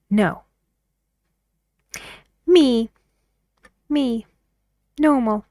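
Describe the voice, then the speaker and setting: A woman teaching English pronunciation, speaking slowly and carefully and swinging her pitch up and down to model intonation. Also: expressive, dark tone, no echo, clean studio sound. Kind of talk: pronunciation lesson.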